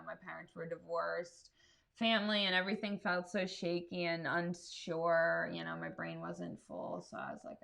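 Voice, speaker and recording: Bright, animated comedian woman. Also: fairly low pitch, gravelly. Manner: animated, profane storytelling. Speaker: comedian host. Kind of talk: casual podcast chat.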